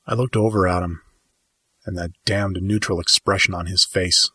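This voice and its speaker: A man narrating a first-person story in a measured, dramatic audiobook style. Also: sits low, steady tone, pushed and bright, husky, no echo, studio quality.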